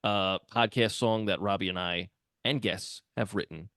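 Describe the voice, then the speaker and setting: Male podcast co-host, gravelly voice, dry close sound. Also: lowish voice, fairly even intonation, moderate pace, bright, forceful tone, no echo. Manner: dry, plugging the show's music. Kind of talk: casual chat.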